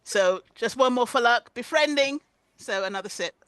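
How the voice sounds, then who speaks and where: A woman's voice: a little high, moderate pace, fairly bright tone, clear, resonant tone, no echo. A woman hosting an online conference over a video call, chatty and prone to fits of laughter. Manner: giggly, keeps breaking into laughter. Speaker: conference host. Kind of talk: casual online presentation.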